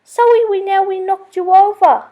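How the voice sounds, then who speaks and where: A woman voicing a group of excited little joeys in a storybook reading. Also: very high-pitched, moderate pace, muffled recording, voice pushed up. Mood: eager.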